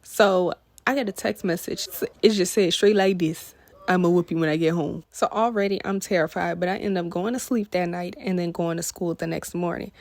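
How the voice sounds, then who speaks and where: A young storytime vlogger tells viewers a casual story, animatedly calling them "y'all" and acting out the quotes. Her voice is lowish at a normal speed with few pauses, on a dry recording.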